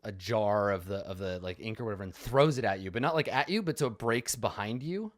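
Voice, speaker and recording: Animated man playing a tabletop game. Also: on the low side, fairly quick. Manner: animated, hesitant, lots of "like". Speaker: player. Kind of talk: casual tabletop game chat.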